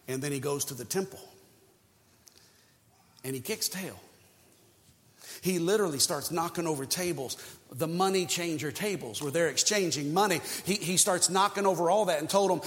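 A male pastor preaching a sermon with passion, swinging from shouted peaks to hushed, quiet passages. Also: high-pitched, lively intonation, moderate pace, big-room sound.

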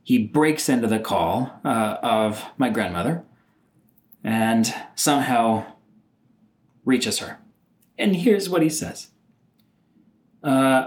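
A middle-aged man recounts a story from his own life, his voice swinging widely in pitch as he goes. He sounds exasperated and animated, and he now and then slips into impressions of the people involved. He speaks at a moderate, mid-range pitch. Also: slow pace, long pauses. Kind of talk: personal storytelling monologue.

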